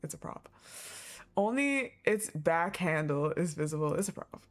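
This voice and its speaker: A woman's voice: fairly low pitch, animated, moderate pace. A woman streaming her reaction to a game, reading the story aloud and laughing a lot. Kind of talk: casual live reaction.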